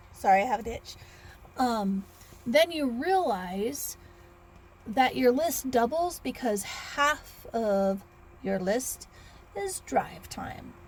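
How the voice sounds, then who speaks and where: A woman's voice: on the high side, lively intonation, slow. A woman in her thirties, chatting casually in a rambling vlog with restarts and sighs. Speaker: author vlogger.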